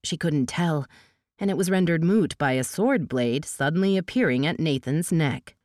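Reading an audiobook steadily and with measured pacing, a woman uses her fairly low voice. The sound is close-miked and dry, with no surrounding room and no echo.

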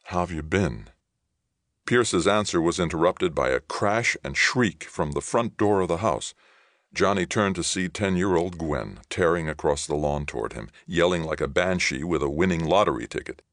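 Man narrating a story, super low creaky voice, reads evenly. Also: lively intonation, moderate pace, a bit bright, dry recording, studio quality. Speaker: audiobook narrator. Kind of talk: scripted narration.

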